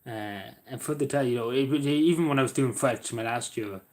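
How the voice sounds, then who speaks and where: Brisk and a little mellow at a medium pitch, a young Irish man rambles casually on a live stream as he reads chat. He keeps stumbling and starting over, and he speaks to viewers by name.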